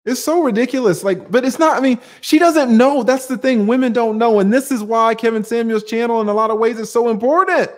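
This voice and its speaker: High-voiced emphatic male livestream host. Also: a little fast, few pauses. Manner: emphatic, rhetorical questions, casual swearing. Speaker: channel host answering viewer comments. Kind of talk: livestream commentary.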